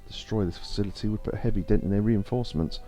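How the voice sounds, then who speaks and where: Man on a game stream, low mellow voice, rambly and relaxed, faint game music behind. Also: rapid-fire. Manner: rambling, reads game text aloud, laid back. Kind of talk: casual let's-play commentary. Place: home streaming setup.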